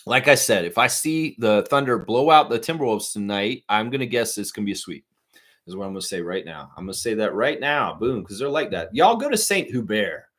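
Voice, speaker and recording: A man's voice: lowish voice, animated, brisk, a bit bright. Chatty male live-stream host. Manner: chatty, reads chat aloud, sings snatches of songs. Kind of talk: casual live-stream chat.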